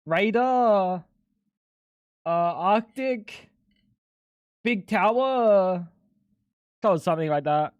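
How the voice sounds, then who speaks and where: A young man chatting casually on a live stream, animated, swearing and laughing a lot. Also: high voice, drawn-out words, pauses often, smooth, no echo, muffled recording.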